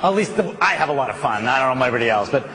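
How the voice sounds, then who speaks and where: A man telling a story as a motivational speaker, animated, with swings between loud outbursts and hushed stretches. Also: medium pitch, racing, slight background noise.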